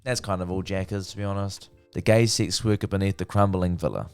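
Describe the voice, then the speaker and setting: A man's voice: sits low, fairly even intonation, brisk, a little mellow, clear, resonant tone, soft background music. A young man casually reviewing a TV show, chatty and swearing freely. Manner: chatty, swears freely, acts out characters' lines. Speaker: TV review vlogger.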